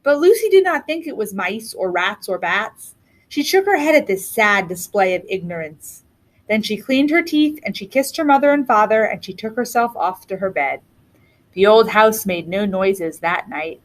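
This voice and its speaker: A woman reading a children's storybook aloud with an expressive, lilting delivery. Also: medium pitch, normal speed. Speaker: reader.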